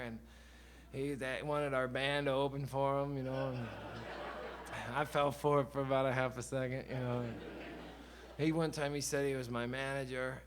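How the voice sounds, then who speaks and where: A man's voice: mid-range voice, noisy background. A man, telling a long rambling story between songs at a live show, loose and chatty with swearing. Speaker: singer-songwriter on stage. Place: live concert venue.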